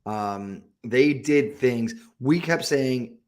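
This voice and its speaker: A man co-hosting a football podcast, talking casually and breaking down matches in a measured, agreeable way. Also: medium pitch, darkish tone. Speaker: podcast co-host.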